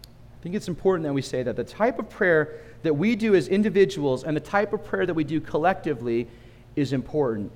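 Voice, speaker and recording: Animated male preacher in a reverberant hall. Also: fairly high pitch, a little fast. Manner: animated storytelling with asides to the room. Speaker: pastor. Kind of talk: sermon.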